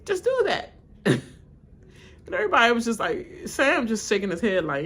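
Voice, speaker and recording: Animated, laughing woman ranting about a show. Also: fairly high pitch, moderate pace, breathy edge. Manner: laughing often, mimicking cast members in exaggerated voices; blunt, ranting commentary. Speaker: reality TV reaction streamer. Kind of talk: live watch-along reaction and rant.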